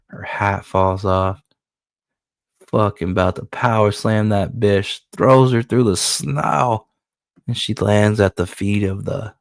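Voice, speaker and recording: A man, a comic book creator, casually walking through his own comic in loose, profane, excitable commentary. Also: on the low side, creaky, dry recording, clean studio sound.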